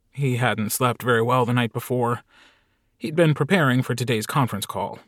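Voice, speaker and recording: A man narrating a comic short story audiobook in a wry, deadpan manner. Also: mid-range voice, dry recording, clean studio sound. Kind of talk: scripted narration.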